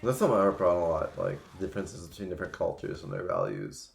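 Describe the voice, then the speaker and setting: A man's voice: low-pitched, huge pitch swings, fast, vocal fry, roomy sound, faint music behind. A man in his twenties telling rambling stories on a casual livestream, full of fillers and restarts. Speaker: streamer.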